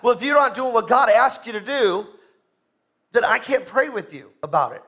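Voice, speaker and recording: A man preaching from the pulpit, his voice sitting unusually high for a man with a bright, ringing edge. He sinks into quiet, low asides, then climbs into shouted calls for the congregation to answer back. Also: lively intonation, normal speed. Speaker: pastor. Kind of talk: sermon.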